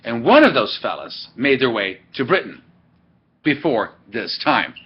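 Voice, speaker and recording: A man's voice: mid-range voice, big pitch swings, a little slow, slight background noise. A man teaching a church history class, walking through dates and quizzing his students as he thinks aloud. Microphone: webcam. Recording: muffled webcam audio.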